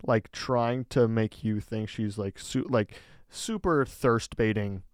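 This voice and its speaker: A man co-hosting a podcast, telling a story in a casual, animated way with lots of filler words. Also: on the low side, slow pace, clean tone, no echo, clean studio sound. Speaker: podcast co-host.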